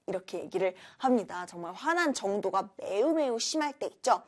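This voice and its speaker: Fast, lively Korean woman teaching. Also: a little high. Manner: lively, switching quickly between explaining and acting out dialogue lines. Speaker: English teacher and workout instructor. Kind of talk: bilingual lesson with workout instructions.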